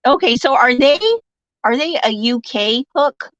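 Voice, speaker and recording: Her voice sits high and a little slow, with a fairly bright tone, no echo and dull audio. She hosts a casual live stream, reading out viewer comments, joking and laughing often, and growing sympathetic when someone shares bad news.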